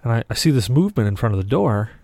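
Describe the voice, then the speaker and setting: Animated storytelling man, dry close sound. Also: mid-range voice, very fast, creaky, dry recording. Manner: vivid storyteller who acts out quoted dialogue. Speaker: podcast co-host. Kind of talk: casual podcast chat.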